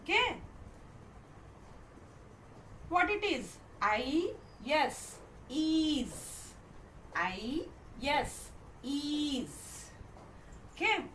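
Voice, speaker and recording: In a classroom phonics lesson, a woman with an Indian English accent speaks in a high, sing-song, fairly bright voice. She spells words out letter by letter for first graders, then says them slowly, repeating questions and asking "okay?" often. The room echoes, the mic is far off, and there's faint noise.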